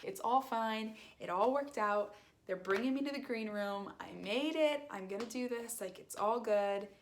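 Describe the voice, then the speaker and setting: A woman's voice: medium pitch, moderate pace, slight background noise. A young woman telling a casual storytime, rambling with lots of fillers and acting out quoted lines. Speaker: vlogger.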